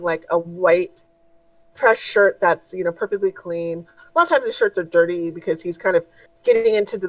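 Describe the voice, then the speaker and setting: A woman narrating as game master of a tabletop game in a relaxed way, with many fillers. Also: on the low side, no room sound, far from the mic, poor audio.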